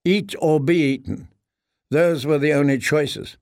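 A man reading a dark story aloud in a steady, measured narration. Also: on the high side, no echo, clean studio sound. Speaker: audiobook narrator. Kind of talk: scripted narration.

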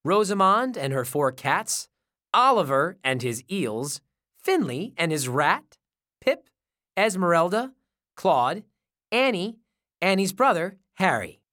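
Slow, lively woman reading a children's story. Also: fairly low pitch. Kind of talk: storybook read-aloud.

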